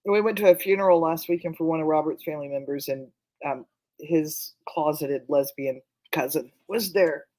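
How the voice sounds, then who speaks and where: A middle-aged guest in a casual chat, telling personal family stories in a candid, wry way and swearing now and then. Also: female voice, deep voice, moderate pace, warm tone.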